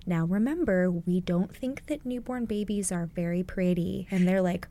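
A woman's voice: lowish voice, normal speed, warm tone. Bubbly, giggly woman podcast producer. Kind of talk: casual chat. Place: podcast booth. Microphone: studio mic.

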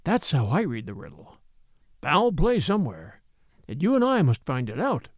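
A man's voice: fairly high pitch, wildly swooping pitch, moderate pace, dry recording, studio quality. A man doing an old, fatherly house steward. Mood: confidential. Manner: earnest, confidential. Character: loyal elderly male house steward, fatherly. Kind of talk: audiobook character reading.

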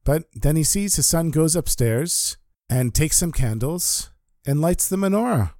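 A man telling a story in an earnest, animated way. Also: fairly high pitch, measured pace, dry recording, clean studio sound. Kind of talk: spoken storytelling.

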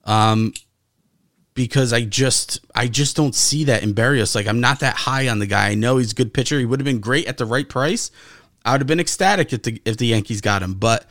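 Animated, swearing male podcast co-host. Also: medium pitch, a little fast, dry recording, clean studio sound. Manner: animated, swears often, emphatic. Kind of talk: casual sports chat.

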